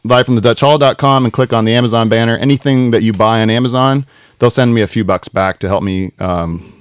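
A man's voice: mid-range voice, brisk, clean tone, dry recording, clean studio sound. A man hosting a podcast in casual, joking chat that rambles loosely. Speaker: podcast host.

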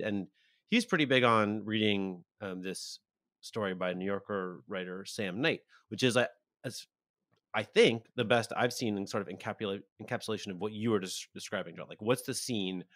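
A man's voice: fairly low pitch, animated, normal speed, fairly bright tone, dry recording, studio quality. A man talking on a podcast in a rambling way, often trailing off mid-thought. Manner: rambling, frequent fillers and trailing off. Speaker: podcast guest and site editor. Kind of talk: casual podcast talk.

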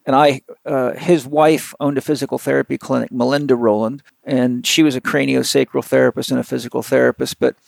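A man who works as a physical therapist telling a long, animated anecdote in an interview, rambling with lots of fillers. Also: mid-range voice, brisk, gravelly, hardly any pauses, no echo. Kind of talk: storytelling in an interview.

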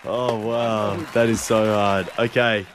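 A man's voice: lowish voice, flat delivery, slow, background noise. A man hosting a radio show, bantering playfully and setting up comedy bits. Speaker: radio host.

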